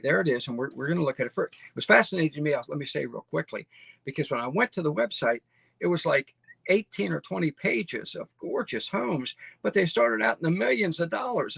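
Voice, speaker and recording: A man's voice: fairly high pitch, creaky, a bit bright, husky, no room sound. A middle-aged man hosting a show, talking casually and enthusiastically as he walks viewers through a listing on screen, often tagging lines with "okay?" and repeating himself. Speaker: host. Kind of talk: casual screen-share presentation.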